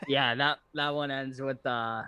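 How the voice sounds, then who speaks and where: A man's voice: medium pitch, fairly even intonation, a little slow, bright, forceful tone, dull audio, slight background noise. A man co-hosting a podcast in casual chat, laughing often and acting out quoted lines in voices. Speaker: podcast co-host.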